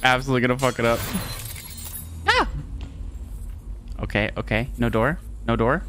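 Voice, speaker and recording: A streamer giving live gameplay commentary, excitable, laughing often, swearing and talking to chat. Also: mid-range voice, moderate pace, a little hiss or hum.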